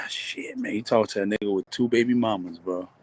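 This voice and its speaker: A man's voice: fairly low pitch, fairly even intonation, normal speed. Slangy laid-back man on a phone call. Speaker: panel guest. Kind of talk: casual chat.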